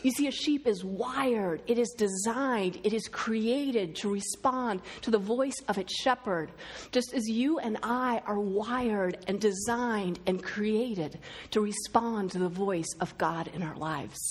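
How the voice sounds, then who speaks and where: A middle-aged woman giving a sermon, telling stories and quoting others in lively voices. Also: medium pitch, slow, breathy edge. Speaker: speaker.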